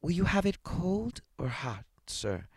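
A man doing a brisk, practical townswoman. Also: fairly high pitch, sing-song, creaky, husky, dry recording, clean studio sound, pitched above the performer's own voice, full character voice. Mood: hospitable. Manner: matter-of-fact, brisk, dismissive.

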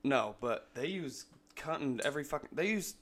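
A man in loud, profane casual chat among friends. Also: mid-range voice, animated, normal speed, slight background noise.

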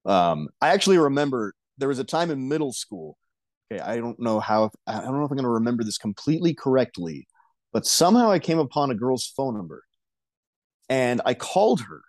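A young man, a podcast guest, talking in a hesitant, halting way with soft laughs. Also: mid-range voice, sing-song, no room sound. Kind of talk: casual chat.

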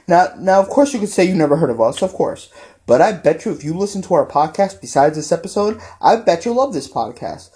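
A man's voice: fairly high pitch, dark tone. Man, podcast host, angry profane rant, keeps repeating himself. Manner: angry, repetitive, profane ranting. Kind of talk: ranting sports podcast talk.

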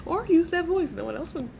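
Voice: very high voice, lively intonation, moderate pace, vocal fry, darkish tone. A podcast co-host in casual chat, enthusiastic and laughing often while retelling scenes.

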